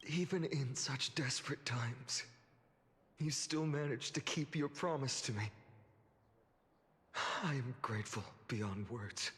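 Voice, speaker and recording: A man voicing an earnest, duty-bound young lord in a game cutscene, giving solemn, measured commands. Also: mid-range voice, a bit bright, long reverb tail.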